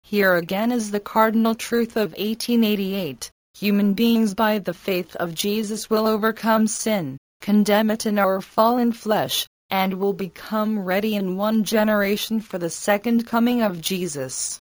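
Woman, devotional reader, very slow and measured, dry close sound. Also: mid-range voice, no room sound. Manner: slow, measured, emphatic delivery. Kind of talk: scripted devotional reading.

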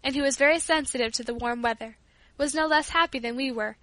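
A woman narrates a storybook with clear, even delivery. Her voice sits high and bright, recorded close and dry with no room sound. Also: fast, no room sound. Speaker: audiobook reader. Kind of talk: scripted narration.

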